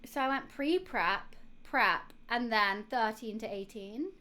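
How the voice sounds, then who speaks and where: A woman's voice: a little high, slow, sharp tone. A young woman, streaming live and chatting casually to her viewers while she has the hiccups, rambling with lots of fillers and restarts.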